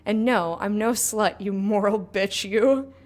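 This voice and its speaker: A woman's voice: medium pitch, slow, darkish tone, lightly acted. A woman reading a letter aloud in a put-on British accent as a blunt, chatty young working-class woman writing to her sister. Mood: gossipy.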